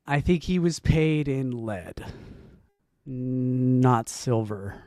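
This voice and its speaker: Man, casual reaction commentary, rambling, joking, mid pitch, dry close recording. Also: animated, drawn-out words, clear, resonant tone, no room sound. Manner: rambling, joking, swings from mumbles to loud whoops; frequent restarts and laughs, profane. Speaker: streamer reacting to a video.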